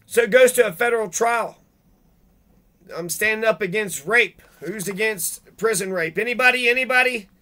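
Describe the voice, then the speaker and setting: A man giving an angry monologue, swearing heavily and breaking into loud outbursts. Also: sits high, a little slow. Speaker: video blogger reading legal rules. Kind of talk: profane ranting monologue.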